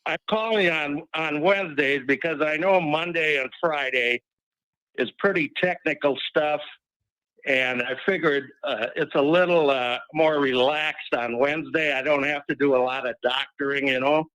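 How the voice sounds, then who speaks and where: A man's voice: fairly high pitch, moderate pace, fairly bright tone, no echo, rough recording. A man calling in to a sports talk show, chatty and wry, rambling a little as he talks. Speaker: regular caller. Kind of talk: call-in sports chat.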